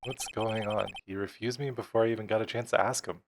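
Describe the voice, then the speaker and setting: A man's voice: lowish voice, fairly even intonation, fast, background noise, close to an everyday voice. A man voicing an earnest young male defense lawyer in his own plain voice, over game music.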